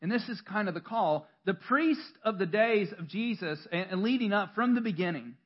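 High-voiced pastor preaching conversationally. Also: male voice, animated, normal speed, muffled recording. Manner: conversational, self-deprecating storytelling with laughs and restarts. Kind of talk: sermon. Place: church.

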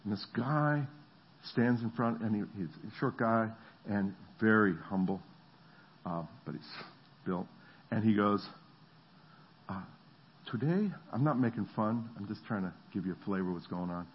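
A middle-aged man preaching a sermon, telling stories in an animated way and acting out the voices of the people in them. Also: fairly low pitch, normal speed, lo-fi sound, slight background noise. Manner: animated storytelling, acts out voices. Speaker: pastor.

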